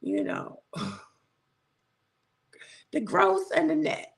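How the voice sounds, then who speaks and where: A woman's voice: fairly low pitch, wildly swooping pitch, extremely slow, gravelly. A woman hosts a casual livestream, chatting with viewers, laughing often and drawing out her thank-yous. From southern United States. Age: 60s. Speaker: livestream host. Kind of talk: casual live chat greeting viewers.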